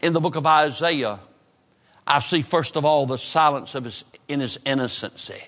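A man preaching with a high, bright voice, full of fervent repetition that sinks to a hush on the solemn lines. His voice rings through a church hall with a long reverb. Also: moderate pace. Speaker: pastor. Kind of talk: sermon.

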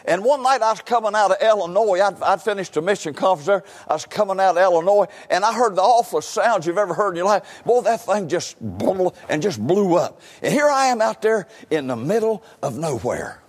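A man's voice: high-pitched, lively intonation, fairly quick, few pauses. An older man preaching a sermon in a church, telling his testimony with emphatic repetitions and stammered restarts. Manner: emphatic, repeats "listen" and stammers into phrases. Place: church sanctuary. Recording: long hall reverb.

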